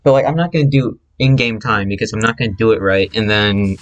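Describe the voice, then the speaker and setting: A man's voice: on the low side, fast, lo-fi sound. A man who speedruns, casually explaining his own run over replay footage, chatty and correcting himself as he goes.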